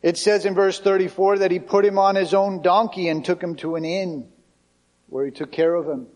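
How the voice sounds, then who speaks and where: A male pastor delivers a sermon in a conversational yet emphatic style. His voice sits a little higher than most men's, and he drives home his points with plain, direct phrasing. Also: steady tone, moderate pace, darkish tone.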